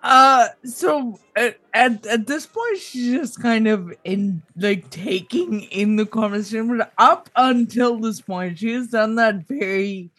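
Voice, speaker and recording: A player describing their character's actions in a tabletop game, halting and hesitant. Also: medium pitch, a bit bright, no room sound. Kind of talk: tabletop role-play.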